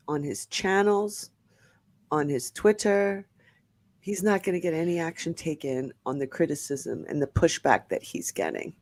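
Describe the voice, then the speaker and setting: A woman guest in a casual online chat, talking emphatically. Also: fairly low pitch. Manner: emphatic, animated.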